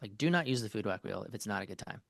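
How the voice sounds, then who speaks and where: A man's voice: lowish voice, animated, very fast, creaky, a bit bright, dry recording. A man, a marriage therapist, talking as a podcast guest in a loose, conversational way, full of fillers and restarts as he walks through an example. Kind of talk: casual interview conversation.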